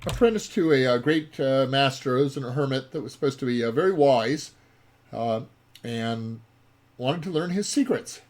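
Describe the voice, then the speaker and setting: A man's voice: mid-range voice, moderate pace, darkish tone. A man who designed the game, giving let's play commentary while he plays it, rambling and full of ums and uhs. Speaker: game designer playing his own game.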